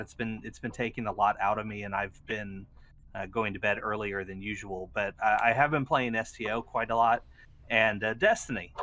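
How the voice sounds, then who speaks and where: A man co-hosting a casual gaming podcast, upbeat and quick to laugh. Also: fairly low pitch, sharp tone. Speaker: co-host.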